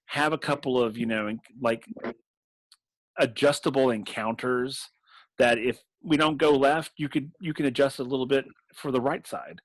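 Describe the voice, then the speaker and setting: A man's voice: medium pitch, steady tone, moderate pace, dry recording, rough recording. A man in casual chat about tabletop games, rambling with restarts and laughing often. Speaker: game master and podcast host.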